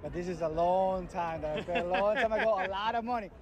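A quick, high-voiced man from Peru talks happily about his tailgate in an outdoor car park. A loud crowd surrounds him, and he sounds relaxed and welcoming. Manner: friendly, relaxed, hospitable. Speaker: football fan. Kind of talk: casual interview. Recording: busy outdoor crowd behind.

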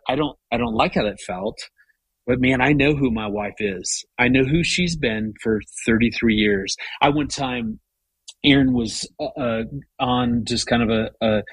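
A middle-aged man telling a story in a casual conversation, animated and full of restarts. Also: medium pitch, breathy edge, no echo. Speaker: guest.

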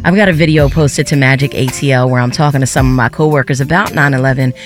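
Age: adult. Sex: man. Role: radio host. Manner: somber, openly emotional, mid-pitched. Mic: studio. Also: fairly even intonation, fast, soft background music. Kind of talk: radio talk segment.

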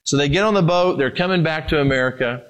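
Impassioned preaching man, fairly high voice. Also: fast. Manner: preaching, swinging from raised emphatic lines to low quiet ones; speaks to the congregation directly, with questions. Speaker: pastor. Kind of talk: sermon.

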